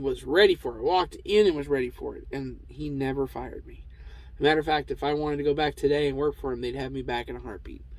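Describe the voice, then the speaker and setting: A man's voice: a little high, dry recording, poor audio. A man telling a rambling, self-deprecating story to camera about his trucking days, slipping into the voices of the people he quotes. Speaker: truck driver vlogger.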